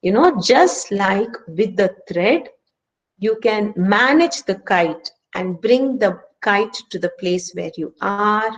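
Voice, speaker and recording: A woman's voice: mid-range voice, animated, takes it slowly, rough recording. A woman with an Indian English accent leading a stress management workshop and speaking earnestly, with emphatic rhetorical questions. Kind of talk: online workshop lecture. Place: home, speaking remotely.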